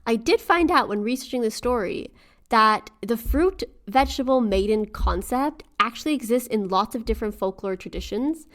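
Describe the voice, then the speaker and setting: A woman co-hosting a folklore podcast, chatting casually and retelling tales with animated quoted asides. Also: fairly high pitch, moderate pace. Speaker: podcast co-host. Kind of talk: casual storytelling chat.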